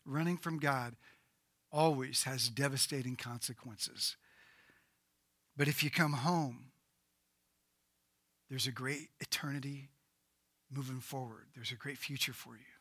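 A man preaching a sermon as pastor, swinging between loud emphatic bursts and low, quiet passages. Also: unhurried, long pauses, no room sound.

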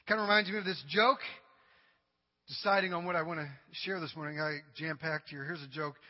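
A male pastor preaching a sermon to his congregation, dramatic and humorous, swinging from loud cries to quiet asides. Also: a little high, steady tone, brisk. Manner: humorous, addresses the congregation directly. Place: church sanctuary. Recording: dull recording with long hall reverb.

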